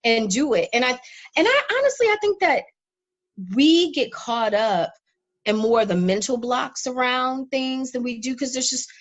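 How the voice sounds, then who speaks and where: A woman's voice: sits high, expressive, moderate pace, muffled recording. A woman guest in a casual chat, telling stories frankly with loose slang.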